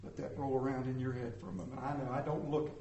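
A man preaching a candid, humorous sermon, swinging from loud jokes to quiet confession. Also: medium pitch, steady tone, fast talker, reverberant, slight background noise. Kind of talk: conversational sermon.

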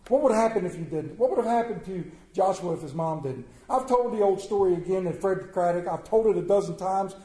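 A pastor preaches a sermon in a folksy, animated storytelling way. His voice is mellow and a bit high. The recording rings in an echoey church. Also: a little fast, hardly any pauses.

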